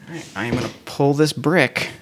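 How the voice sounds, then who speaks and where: Brief: man co-host, mid-pitched voice, jokey and laughing, narrating his turns in a role-play game. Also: brisk. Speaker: co-host and player.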